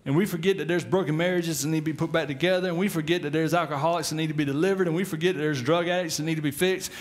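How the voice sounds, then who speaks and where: A middle-aged man preaching a sermon as pastor, telling the story with lively put-on voices and chuckles. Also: fairly high pitch, rapid-fire. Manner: animated storytelling, acts out voices with laughs.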